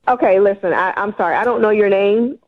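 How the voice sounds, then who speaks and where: A woman's voice: medium pitch, brisk, phone-quality sound. A woman calling in to a radio show, dramatic and indignant as she complains about a date. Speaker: caller. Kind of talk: upset phone-in call.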